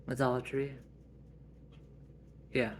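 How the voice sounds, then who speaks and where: A man telling a family role-play story in a slow, halting, earnest way. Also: mid-range voice, monotone, slight background noise.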